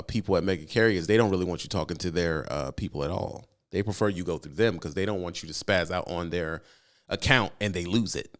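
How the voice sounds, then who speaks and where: A man's voice: low voice, smooth. A man, a truck driver, rants casually on his own channel, emphatic and repeating himself for effect. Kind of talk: casual vlog rant.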